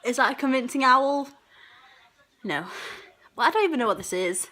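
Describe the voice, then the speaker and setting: A woman's voice: high-pitched, animated, normal speed, sharp tone. A young woman vlogging casually, giggly and self-mocking as she tries silly animal impressions.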